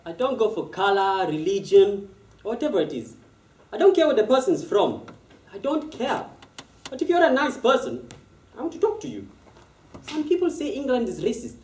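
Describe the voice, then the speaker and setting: A woman's voice: fairly high pitch, sing-song, normal speed, pauses often, a little mellow. An actress playing an immigrant woman who has lived in England for eleven years, speaking earnestly in a stage monologue. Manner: earnest, emphatic testimony. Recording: echoey room, voice from far off.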